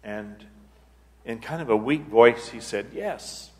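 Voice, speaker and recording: A man, an abbot, telling a personal story at a retreat talk in an unhurried, halting way, often restarting his phrases. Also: mid-range voice. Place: church hall. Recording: long reverb of a large hall.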